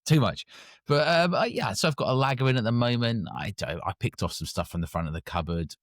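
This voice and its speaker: A man's voice: medium pitch, fast, fairly bright tone, no echo, studio quality. A man co-hosting a podcast, chatting casually and often trailing off and restarting. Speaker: podcast co-host. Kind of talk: casual chat.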